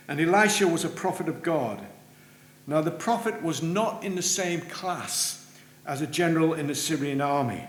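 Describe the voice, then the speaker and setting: A man preaching a sermon in a church, earnest, rising for emphasis and dropping low at the ends of phrases. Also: moderate pace. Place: church sanctuary. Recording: roomy church with faint hum.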